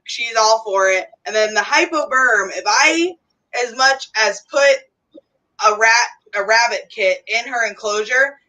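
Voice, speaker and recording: Woman host, bright tense voice, laughs a lot, sits back from the mic. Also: fairly high pitch. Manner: chatty, laughs often. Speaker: reptile livestream host. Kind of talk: casual chat. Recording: distant from the mic.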